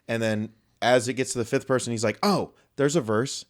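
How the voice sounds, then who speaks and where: A man's voice: medium pitch, fairly quick. A young adult man co-hosting a podcast, telling a long, rambling anecdote in casual chat with frequent swearing and joking asides. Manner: rambling storyteller, swears freely, jokey asides. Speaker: podcast co-host.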